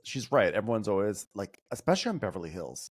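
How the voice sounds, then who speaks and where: A man with a fairly low voice that swings widely up and down as he talks. He chats casually and animatedly as a podcast guest, breaking into quick impressions of other people and laughing often. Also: very animated, breathy edge. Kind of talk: casual chat.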